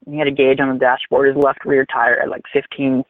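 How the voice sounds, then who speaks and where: A man's voice: mid-range voice, quick pace, no room sound. Man telling a story over a tinny line. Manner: rambling, animated, swears freely. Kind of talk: casual storytelling. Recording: tinny phone-like line, dry.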